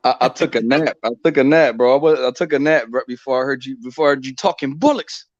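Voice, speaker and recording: A man from Houston talks in a relaxed, slangy way in a casual group chat. His audio is dull and muffled. It sounds dry and close. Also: medium pitch, fast, no echo.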